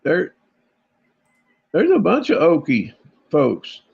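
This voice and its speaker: Slow-talking gravelly man. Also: fairly high pitch, huge pitch swings. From Oklahoma. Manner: slow, drawling, plainspoken. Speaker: guest on a livestream. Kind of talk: casual livestream chat. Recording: dull lo-fi tablet audio.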